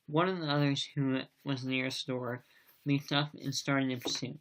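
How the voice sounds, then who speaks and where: A man's voice: medium pitch, little pitch movement, normal speed. A man reading a novel aloud as an amateur audiobook reader, in a plain delivery that sometimes stumbles over words.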